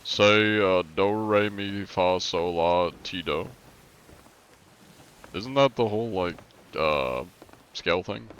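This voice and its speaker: A man's voice: low-pitched, slow, long pauses, a bit bright, smooth, dull audio. A man chatting casually and joking around while streaming a game. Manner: joking, playful, talks while playing. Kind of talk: casual live-stream chat with role-play.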